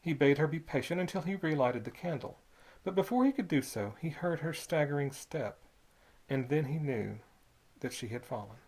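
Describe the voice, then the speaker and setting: An audiobook reader narrating a period story in a measured, expressive way. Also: mid-range voice, husky.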